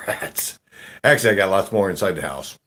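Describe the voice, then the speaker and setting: A man hosting a casual gold panning chat, rambling in a slow, folksy drawl with slangy grammar, laughing often while drinking beer. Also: low-pitched, sharp tone, a little hiss or hum. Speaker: gold panning channel host.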